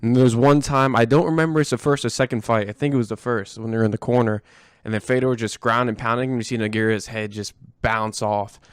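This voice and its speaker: A man who coaches martial arts talks with eager enthusiasm, tossing in plenty of "um" and "you know." His voice is clean and crisp, recorded dry and close with no room echo. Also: medium pitch, steady tone, fast talker. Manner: enthusiastic, chatty, many fillers. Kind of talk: casual conversation.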